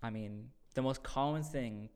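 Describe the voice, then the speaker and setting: A man at an ordinary middle pitch talks through a scripture passage in a relaxed, conversational way. He is earnest and now and then jumps into louder acted-out lines. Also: measured pace, smooth. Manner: earnest, acts out quoted voices with sudden loud bursts. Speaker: podcast host teaching scripture. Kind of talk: casual faith discussion.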